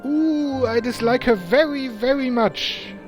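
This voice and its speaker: Timid, sweet young woman, put on by a man, high and lively, over game music. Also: normal speed. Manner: sweet, breathy, hesitant and eager to please. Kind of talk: reading game dialogue aloud.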